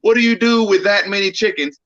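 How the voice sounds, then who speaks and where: A man telling stories in a casual chat, loud and laughing, often mimicking other people. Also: sits high, fairly even intonation, a little fast, dull audio. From Texas. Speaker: co-host.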